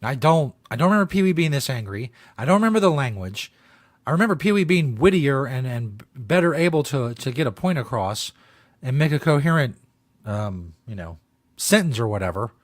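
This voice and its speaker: A man's voice: medium pitch, big pitch swings, fairly quick, no echo. Profane man ranting in mock outrage. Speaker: host. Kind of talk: comedic commentary on a video.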